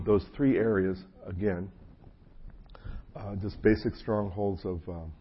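Pastor guy from jersey, lowish voice, chatty sermon w/ lots of asides, bit of a frog in his throat, muffled recording w/ faint hum. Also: fairly even intonation, slow. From New Jersey. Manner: folksy, self-deprecating storytelling with many asides. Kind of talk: conversational sermon.

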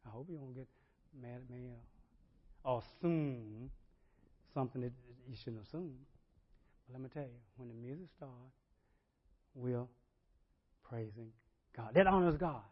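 A man's voice: medium pitch, moderate pace, long pauses, dull audio. A male pastor delivering a sermon conversationally, often checking in with the congregation.

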